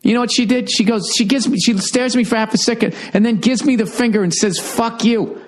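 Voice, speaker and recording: A man's voice: very high voice, fast talker, slight background noise. A middle-aged man hosting a podcast, telling a profane, ranting comic story and acting out the quoted exchanges. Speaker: podcast host. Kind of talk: casual comedic monologue.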